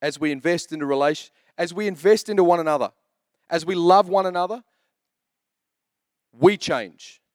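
A man's voice: on the high side, normal speed, long pauses, no echo, clean studio sound. A man in his thirties preaching a sermon as pastor, telling jokey stories in a chatty way. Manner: chatty, joking storyteller.

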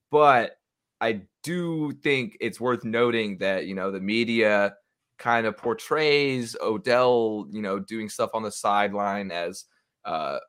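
A man's voice: on the low side, fairly bright tone, clean tone. A young man in casual, opinionated sports chat with a friend, swearing freely. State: hiccups.

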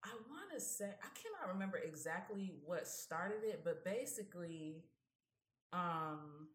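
A woman's voice: on the low side, measured pace. Young woman telling a story in a roomy room. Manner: animated storyteller who acts out both sides of a conversation. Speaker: podcast co-host. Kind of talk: casual panel chat, personal storytelling.

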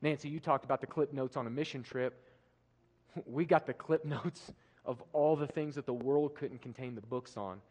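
A man preaching a sermon, emphatic, swinging from loud declarations to hushed passages. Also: mid-range voice, moderate pace. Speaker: pastor. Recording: live preaching with long hall reverb.

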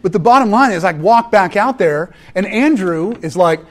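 A man in his thirties preaching a sermon, animated and storytelling, acting out scenes from home. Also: high-pitched, normal speed. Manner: animated, acts out family scenes with voices. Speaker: pastor.

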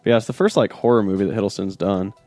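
Young man, low voice, quick talk, eager, rambling, dry close sound. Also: fairly even intonation, a little mellow, no echo, faint music behind. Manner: enthusiastic, rambling, fillers like "dude" and "you know". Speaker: podcast co-host. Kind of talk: casual chat.

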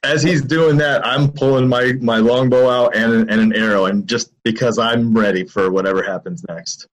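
A man playing a tabletop game, describing his character's actions in a calm, matter-of-fact way. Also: mid-range voice, moderate pace, poor audio. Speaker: player.

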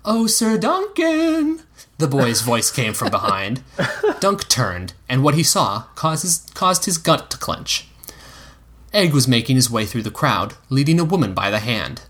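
Male narrator, husky, lively pitch, expressive storytelling. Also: normal speed. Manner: expressive storytelling with voiced characters. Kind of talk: reading fan fiction aloud.

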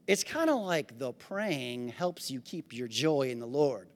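A male pastor preaching a sermon to his congregation, swinging between shouted praise and easy conversational asides. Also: medium pitch, big pitch swings, a little slow, hardly any pauses. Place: church sanctuary. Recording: long hall reverb.

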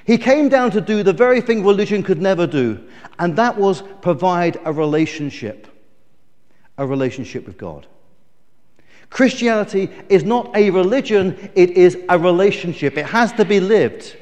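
A man's voice: high voice, animated, moderate pace, a little mellow, big-room sound. A middle-aged man preaching a sermon, telling stories with emphasis and small restarts. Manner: storytelling, emphatic, self-correcting.

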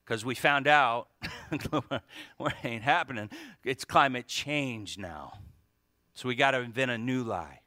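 A male pastor preaching a sermon with emphatic delivery, swinging from hushed asides to loud, fervent climaxes. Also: mid-range voice, expressive, measured pace, no echo, clean studio sound.

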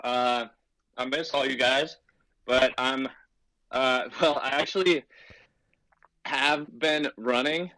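A man's voice: medium pitch, steady tone, slow, pauses often, bright, forceful tone, no room sound, low-quality recording. Rambling, laughing man calling in. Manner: rambling and self-amused, laughs mid-sentence. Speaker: caller, league member. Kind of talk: casual chat over a call.

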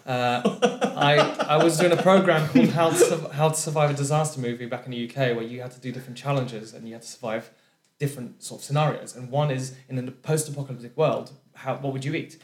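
A man with a British accent telling a comedic true story, animated, restarting sentences and laughing through his lines. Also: mid-range voice, fast talker. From France. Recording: roomy echo.

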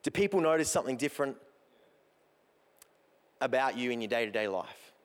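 A man's voice: mid-range voice, lively intonation, a little fast. A man preaching a sermon as pastor, driving his points home with repeated emphatic phrases. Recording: long hall reverb.

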